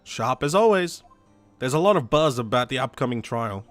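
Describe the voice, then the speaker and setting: Composed older-sister lawyer for a game, voiced by a man, gentle, measured. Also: mid-range voice, expressive, faint music behind, natural voice. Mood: calm. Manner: gentle, measured, softly teasing.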